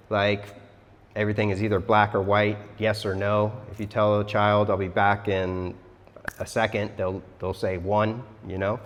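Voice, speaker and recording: Casual male storyteller-teacher, relaxed and chatty, low voice, long reverb. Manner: chatty, relaxed, says "like" a lot. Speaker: yoga teacher.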